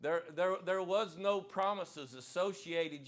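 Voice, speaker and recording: Pastor: man preaching to a live congregation, higher voice, folksy, hammers his key lines. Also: normal speed, a bit bright. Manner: emphatic, repeats key phrases, folksy humor. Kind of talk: sermon. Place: church sanctuary, live service.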